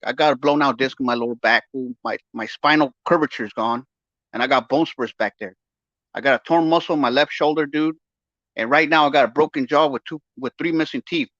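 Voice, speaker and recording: A man's voice: medium pitch, a little fast, a bit bright, no room sound. Lisping man with broken jaw. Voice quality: lisping, mumbled speech through a barely opened mouth. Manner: repetitive stammering restarts, profane and heated when retelling. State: speaking with a broken jaw and missing front teeth. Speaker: podcast host giving a health update. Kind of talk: casual rambling monologue. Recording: dull, dry, lo-fi recording.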